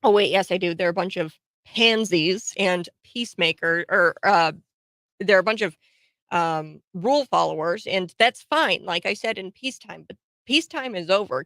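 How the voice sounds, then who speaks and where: A woman's voice: fairly low pitch, creaky, no echo. A woman hosting a casual political commentary show, talking to camera with lots of fillers, restarts and laughs. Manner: animated, laughs often, frequent fillers and restarts. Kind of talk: casual opinion monologue to camera.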